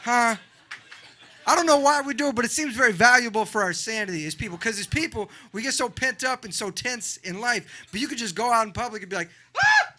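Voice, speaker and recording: A young man doing a stand-up comedy set in a club, animated and acting out other people in loud voices. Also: very high-pitched, fast talker, few pauses. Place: comedy club with a live audience.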